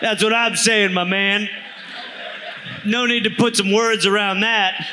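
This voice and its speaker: A man's voice: high-pitched, steady tone, bright, forceful tone, slight background noise, rough recording. A man co-hosting a comedy podcast, teasing his partner and laughing often. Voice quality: quick, teasing, laughs a lot. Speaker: podcast co-host. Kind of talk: comedy podcast banter, live.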